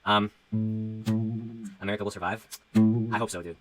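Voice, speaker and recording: A young Canadian man with a fairly low, steady voice talks at a normal speed on a low-quality recording. He rambles casually and profanely on a livestream, reading donations aloud and musing about his music.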